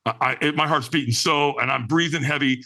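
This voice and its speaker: Brisk and a little high in voice, a podcast guest relates a personal story animatedly. He acts out the lines of others along the way and often checks in with "right?".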